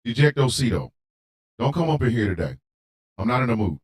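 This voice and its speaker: A man hosting a radio show, delivering a heated monologue with emphatic repetition and occasional shouting. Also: lowish voice, very animated, fast talker, background noise. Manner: emphatic, repeats lines for force; rants, at times shouting.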